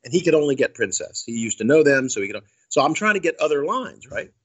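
Husky-voiced chatty male entertainer. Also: mid-range voice, fast talker, muffled recording. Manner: chatty, animated anecdotal storytelling. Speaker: comedy juggler and cruise ship entertainer. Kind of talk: casual storytelling interview.

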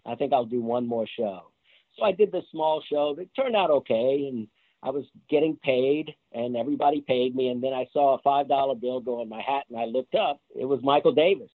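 A man, an interview guest, recounts his street-performing days in a lively, chatty way, breaking into laughter now and then. His voice comes through a thin, phone-like line. There is little room sound around him. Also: mid-range voice, a little fast, dry recording. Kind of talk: casual storytelling interview. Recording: tinny phone-like line, dry.

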